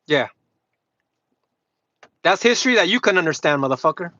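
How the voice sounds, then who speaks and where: A man's voice: a little high, expressive, normal speed, sharp tone, dry recording. A man livestreaming a heated, combative rant to his chat, swearing constantly, mocking and repeating himself. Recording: dull lo-fi livestream audio.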